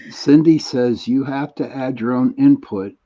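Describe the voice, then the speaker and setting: Man, middle-aged, podcast host, mellow dark voice, easygoing, slightly dull lo-fi sound. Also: mid-range voice, measured pace. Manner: easygoing, reads out viewer comments. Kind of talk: casual podcast chat.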